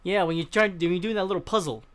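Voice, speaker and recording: A man's voice: high-pitched, fast, a bit bright. A young man giving casual let's-play commentary, rambling, swearing freely and often trailing off mid-thought. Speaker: gaming channel host.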